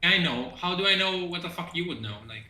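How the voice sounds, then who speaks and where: Halting man in an echoey room. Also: sits high, lively intonation, over a noisy crowd. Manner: halting, restarts and repeats words, chuckles often. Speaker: game developer and filmmaker. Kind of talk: casual chat on a dev stream.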